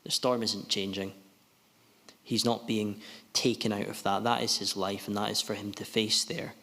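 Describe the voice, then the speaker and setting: A man preaching a sermon in an earnest, halting way, often restarting his sentences. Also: lowish voice, little pitch movement, sharp tone. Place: gospel hall. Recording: long hall reverb.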